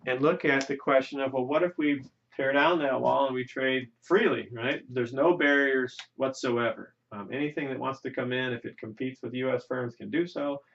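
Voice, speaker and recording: Gravelly, chatty male economics lecturer. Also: medium pitch, slight background noise. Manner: chatty, folksy, checks in with "right?". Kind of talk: classroom lecture. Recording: lo-fi lecture recording.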